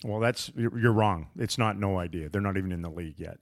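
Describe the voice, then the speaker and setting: A man's voice: low-pitched, fast talker. A man hosting a casual sports podcast, talking in a wry, teasing, rambling way. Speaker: podcast host.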